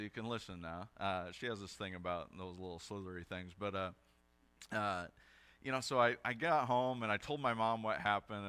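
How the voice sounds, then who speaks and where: A man's voice: fairly low pitch, sharp tone, clear, resonant tone. A young adult male pastor giving a sermon in a conversational, storytelling way with casual fillers.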